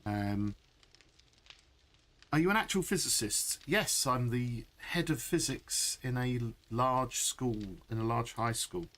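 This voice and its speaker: A man's voice: mid-range voice, expressive, slow pace, fairly bright tone. A middle-aged man chatting through a live gameplay stream, laughing often and answering chat. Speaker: game streamer.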